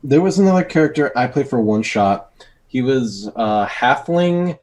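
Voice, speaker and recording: A man as an interview guest, telling a story in a quick, laid-back way. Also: medium pitch, expressive, a little mellow. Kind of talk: casual interview chat.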